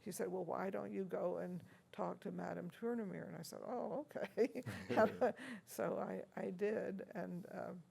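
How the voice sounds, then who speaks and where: Gravelly older woman telling stories. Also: on the low side, steady tone, measured pace, hardly any pauses, darkish tone. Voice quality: gravelly, husky. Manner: chatty, anecdotal, laughs often, many fillers. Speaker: interviewee, organist. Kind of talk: reminiscing interview. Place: university room.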